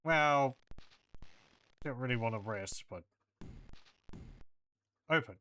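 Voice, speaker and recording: A man's voice: mid-range voice, expressive, slow, sharp tone, slight background noise. A man playing through a retro role-playing game, thinking aloud and reading out game text and combat results. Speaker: let's play host. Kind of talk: casual gameplay commentary.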